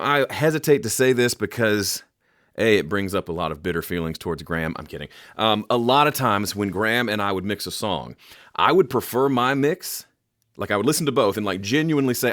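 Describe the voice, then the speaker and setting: In studio-quality audio without echo, this lowish-voiced middle-aged music production teacher gives a loose, jokey lesson on mixing straight to camera. His delivery is lively, and he throws in vocal imitations of sounds from time to time.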